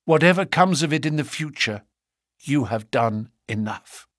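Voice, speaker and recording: A man's voice: medium pitch, expressive, a little slow, fairly bright tone, no room sound. A man voicing an earnest, insistent wife in a dry, close recording. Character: pleading wife, middle-aged woman, earnest.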